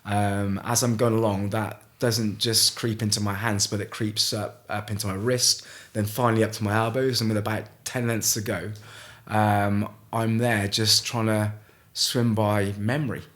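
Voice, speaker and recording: A middle-aged man from Gloucester, telling a story as a podcast guest in a halting way, with frequent restarts. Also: fairly low pitch, level tone, fairly bright tone. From Gloucester, England. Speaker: guest, ice swimmer. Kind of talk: casual storytelling in a podcast interview.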